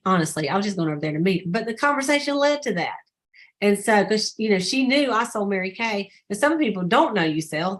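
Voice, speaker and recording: A woman's voice: medium pitch, a bit bright. A woman hosting a casual team call on a video call, chatty and telling stories with quoted dialogue. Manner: chatty storyteller who acts out quoted dialogue.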